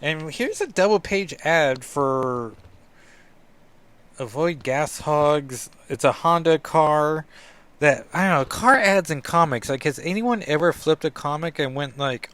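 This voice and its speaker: A man's voice: a little high, expressive, unhurried, a bit bright. A man hosting a casual comic book review podcast, rambling and self-deprecating with lots of asides.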